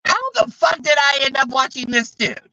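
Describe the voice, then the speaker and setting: A man's voice: very high voice, sing-song, normal speed, pushed and bright, no room sound, low-quality recording. A man telling stories in a casual, profane and exasperated way, rambling with restarts. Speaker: streamer. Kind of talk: casual storytelling chat.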